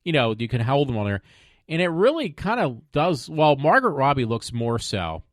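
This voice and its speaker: A man's voice: mid-range voice, big pitch swings, moderate pace, no echo. Rambling man on a dry home mic. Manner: rambling, many fillers and trailing off; sarcastic, mock-pleading asides. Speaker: podcast host. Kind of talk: casual solo web show chat. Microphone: desk microphone at home.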